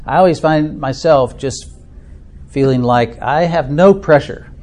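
A man's voice: a little high, measured pace, a little mellow. A middle-aged man from Minnesota with an Upper Midwest American accent, leading an informal church discussion group in a chatty, self-deprecating way with frequent fillers. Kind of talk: informal talk to a small group.

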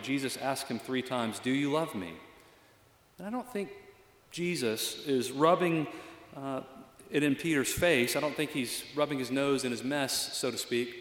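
A man's voice: medium pitch, moderate pace, roomy sound, big-room sound. A male pastor giving a reflective, conversational sermon with frequent fillers.

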